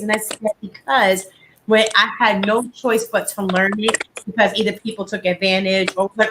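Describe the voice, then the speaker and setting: A woman hosting a casual live beauty stream from home, chatty and animated, full of "like" fillers. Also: medium pitch, normal speed, a little hiss or hum, rough recording. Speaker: host of a live beauty chat.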